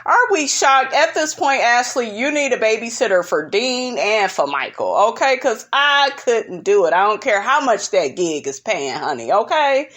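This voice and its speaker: A woman recapping a reality show in casual, sassy commentary, full of "honey" and big swoops of pitch for emphasis. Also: normal speed, few pauses. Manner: sassy and animated, constantly saying "honey".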